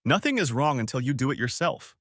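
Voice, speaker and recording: A man voicing a calm woman who speaks softly but firmly, in a story audiobook. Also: medium pitch, fairly quick, husky, no room sound, studio quality, pitched above the performer's own voice. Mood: soothing. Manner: soft but firm, soothing. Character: calm persuasive woman, the wife's friend. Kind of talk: audiobook character voice.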